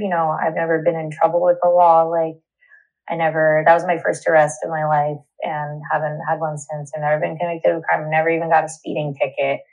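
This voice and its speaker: A young woman giving a candid, indignant personal account in an interview, halting and restarting as she speaks. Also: on the low side, darkish tone, poor audio.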